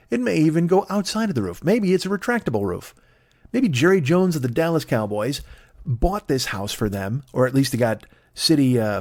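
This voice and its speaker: A man's voice: mid-range voice, a little mellow, dry recording, clean studio sound. A man doing a profane, riffing comedic monologue as a podcast host.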